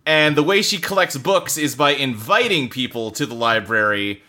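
A man's voice: medium pitch, lively intonation, moderate pace, bright, forceful tone. A man co-hosting a casual chat about games from his home office, speaking loosely with lots of fillers and the odd curse word. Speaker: podcast co-host. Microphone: desktop computer setup.

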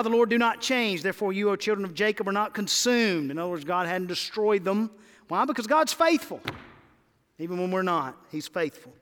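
A man's voice: sits high, bright, forceful tone, in a large hall. A man preaching a sermon as pastor, rising into emphatic calls to his congregation.

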